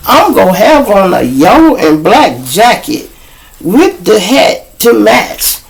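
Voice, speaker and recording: A man's voice: high voice, wildly swooping pitch, takes it slowly, gravelly. A middle-aged man telling street stories outdoors to a live audience, blunt, profane and mocking. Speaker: show host and storyteller.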